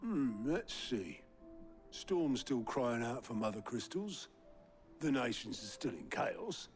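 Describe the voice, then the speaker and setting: An actor playing a gruff, blunt middle-aged man, trading dry, slangy banter in video game dialogue. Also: mid-range voice, sing-song, takes it slowly. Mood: wry. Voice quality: gravelly. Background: game music.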